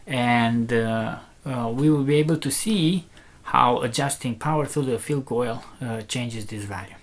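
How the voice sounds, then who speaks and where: Creaky and mid-range, this man's voice carries a casual demo of a loudspeaker driver he builds. He explains in steps but hesitantly, with many fillers and restarts.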